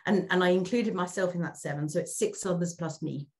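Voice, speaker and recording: Reflective middle-aged woman, lowish voice. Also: a little fast, a little mellow. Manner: reflective, repeats words when starting sentences. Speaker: guest. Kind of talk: candid conversational interview.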